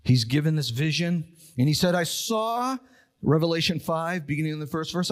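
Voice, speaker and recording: A male pastor preaching a sermon, reading scripture low and solemn, then building to urgent, rising appeals. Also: expressive, moderate pace. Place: church sanctuary.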